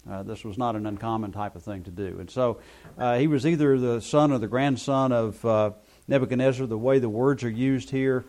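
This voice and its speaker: Man teaching a Bible study, halting. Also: mid-range voice, fairly even intonation, a little mellow. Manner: explanatory, with frequent hesitant fillers. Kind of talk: classroom teaching.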